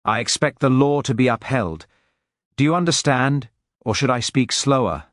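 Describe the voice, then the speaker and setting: A man's voice: medium pitch, animated, moderate pace, fairly bright tone, no room sound, studio quality, pitched above the performer's own voice, lightly acted. A man voicing a pompous, wealthy Englishman with a clipped, nasal London accent who barks demands. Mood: demanding. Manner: barking, demanding, disdainful. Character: pompous rich Englishman, angry newcomer.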